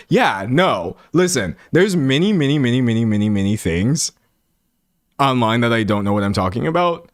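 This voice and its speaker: Young Texan male streamer, casual and animated, drawling delivery with a very lively pitch. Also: dry recording, studio quality. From South Central Texas. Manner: animated, joking, drawn-out Southern drawl. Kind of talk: casual livestream chat.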